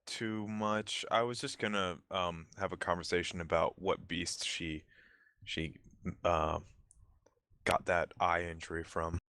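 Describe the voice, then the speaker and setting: A man's voice: deep voice, steady tone, unhurried, bright, forceful tone. A man playing a tabletop game, goofing around with crude jokes and frequent laughs. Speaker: player. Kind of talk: casual tabletop play.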